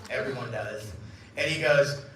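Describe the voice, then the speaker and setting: In an event hall, a man in his fifties delivers a storytelling keynote, poking fun at himself and voicing the dialogue as he goes. His mid-range voice is a bit bright and moves at a moderate pace. It's captured from afar in an echoey room, with slight background noise.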